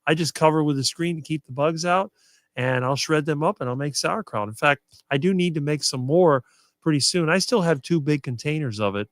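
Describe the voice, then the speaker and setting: Middle-aged male guest, smooth talker with no ums, dry close mic. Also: a little high, no room sound. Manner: fluent and quick, few fillers. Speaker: guest on a diet talk show. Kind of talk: casual conversation on a live stream.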